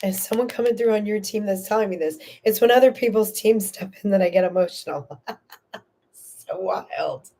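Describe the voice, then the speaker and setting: A woman's voice: medium pitch, moderate pace, warm tone. Emotional woman giving a live tarot reading. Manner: earnest, emotional, soothing, with casual swearing. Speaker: tarot reader and host.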